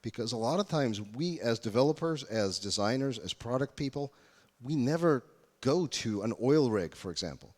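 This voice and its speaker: A man's voice: medium pitch, expressive, normal speed, a little mellow. A man giving a UX workshop talk to a live audience, engaging them with questions. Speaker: UX workshop speaker. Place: conference room. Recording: reverberant conference hall.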